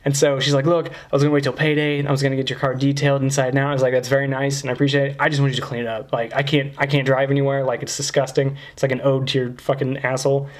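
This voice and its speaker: Fast-talking man telling a crude story. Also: mid-range voice, flat delivery. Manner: crude, rambling, lots of "like". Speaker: podcast host telling a story. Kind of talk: casual podcast storytelling.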